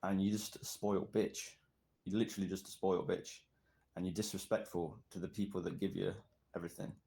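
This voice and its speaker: A very low-voiced man from Britain records voice notes. He rants hard and swears constantly, pushing each point in an aggressive, combative tone. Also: level tone, fairly quick, creaky, dark tone. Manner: profane, aggressive, ranting. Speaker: voice note sender. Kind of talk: angry voice-note rant.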